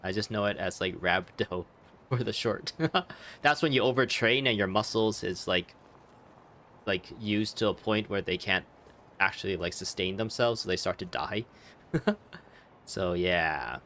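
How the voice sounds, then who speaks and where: A man's voice: on the low side, measured pace, fairly bright tone, a little hiss or hum. A man chatting casually over gameplay, rambling and laughing often. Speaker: game streamer. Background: game audio.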